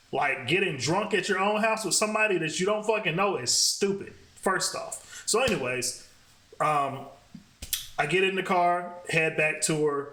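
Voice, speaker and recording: A man telling a dating story in a casual, profane, animated way. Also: on the high side. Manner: profane, animated, fast talking. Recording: roomy echo.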